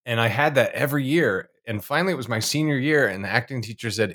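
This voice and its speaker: A man's voice: mid-range voice, expressive, fast, few pauses, a bit bright. A man hosting a podcast, chatting in a rambling way and laughing at his own asides. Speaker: podcast host. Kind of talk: casual interview chat.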